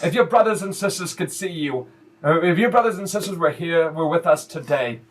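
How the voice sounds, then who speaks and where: A man's voice: a little high, animated, fairly quick, voice pushed up, lightly acted. A man voicing a proud bugbear mother who gushes over her family and shoos her children off. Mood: gushing. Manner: gushing, then scolding.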